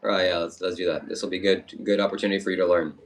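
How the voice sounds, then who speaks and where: Low, dismissive man on a distant mic. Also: very fast. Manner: dismissive, calm and cutting. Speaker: livestream host. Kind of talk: livestream debate. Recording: distant mic with faint noise.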